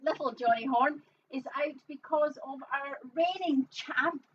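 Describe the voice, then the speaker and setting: A woman co-hosting a live game show throws in dry, offhand replies in casual banter. Her voice is quite high and sits far from the mic. The stream audio is dull and lo-fi with faint background noise. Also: unhurried. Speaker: co-host. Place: small club stage.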